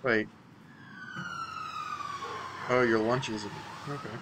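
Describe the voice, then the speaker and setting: Chatty self-deprecating gaming host. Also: male voice, mid-range voice, fairly even intonation, slow, noisy background. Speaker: let's play host. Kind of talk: casual gameplay commentary.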